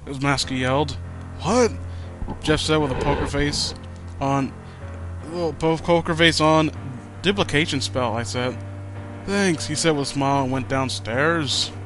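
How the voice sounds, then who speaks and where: A man's voice: fairly high pitch, steady tone, a little fast, few pauses. A man with a slightly raised voice reads a fan story aloud in a mocking, dramatic way, tripping over words and breaking off for sarcastic asides. Faint music plays underneath. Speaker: host reading fan fiction.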